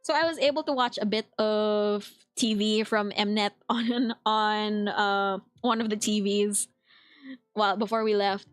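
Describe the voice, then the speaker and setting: A woman's voice: medium pitch, flat delivery, takes it slowly, smooth, dry recording, clean studio sound, faint music behind. A young woman with a Filipino accent, chatting casually as a streamer, laughing often and reading chat aloud. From Philippines. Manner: reads chat aloud and answers it.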